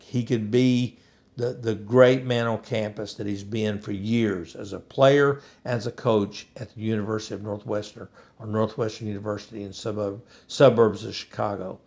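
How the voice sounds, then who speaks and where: Man, middle-pitched voice, emphatic, preachy, repetitive commentary monologue. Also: a little mellow. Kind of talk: opinion monologue.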